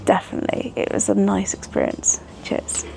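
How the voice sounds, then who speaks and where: A woman's voice: mid-range voice, little pitch movement, normal speed, creaky, a little mellow, soft background music. A woman from the UK, a travel vlogger, chatting casually to camera about a walk and her food. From United Kingdom. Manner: chatty, giggly, tipsy at times. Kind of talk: casual vlog chat to camera.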